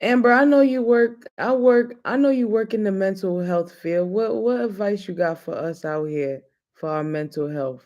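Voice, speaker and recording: A man's voice: high voice, fairly even intonation, normal speed, darkish tone, dull audio. A man hosting a casual chat show, talking in a loose, joking, slangy way. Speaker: host.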